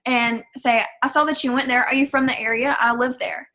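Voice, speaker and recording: A woman's voice: high-pitched, fairly even intonation, fairly quick, bright, forceful tone. A young woman from Georgia, a fitness coach talking her team through tips on a call, chatty and emphatic, acting out sample messages.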